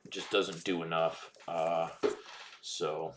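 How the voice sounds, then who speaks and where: A man casually commenting on a live stream while opening card packs, relaxed and rambling with fillers. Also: sits low, slow. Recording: echoey room with faint noise.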